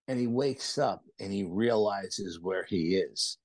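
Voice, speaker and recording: A middle-aged man, telling a story as a podcast guest, animated and repeating phrases for emphasis. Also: fairly low pitch, slow, dry recording. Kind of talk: storytelling in casual conversation.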